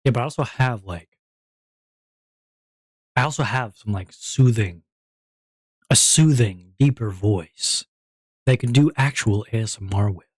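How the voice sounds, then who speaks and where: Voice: medium pitch, unhurried, pauses often, a little mellow, husky, no room sound, studio quality. A streamer in casual stream chat, playful and rambling, with frequent giggles, talking into a home streaming mic.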